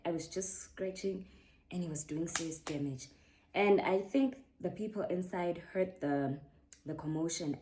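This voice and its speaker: A woman's voice: lowish voice, mellow. A young South African woman with a South African accent, telling a personal story in a casual vlog and slipping Zulu slang into her English. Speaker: YouTuber.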